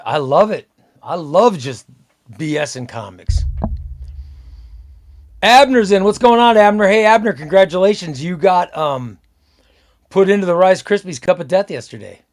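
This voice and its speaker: A man's voice: sits high, animated, moderate pace, pauses often. A man hosting a casual live stream, chatting loosely, repeating himself and reading out viewer comments. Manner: rambling, repeats himself, reads out chat comments.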